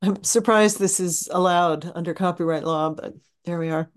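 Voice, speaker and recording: A woman's voice: on the low side, fairly even intonation, normal speed. A woman co-hosting a podcast in casual chat, playful and teasing. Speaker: podcast co-host.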